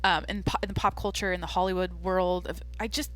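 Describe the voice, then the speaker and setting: A young woman hosting her own podcast, chatting casually in a rambling, jokey way with lots of fillers and a deadpan streak. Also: on the low side, fairly quick. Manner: self-described deadpan. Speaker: podcast host. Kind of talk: casual solo podcast chat.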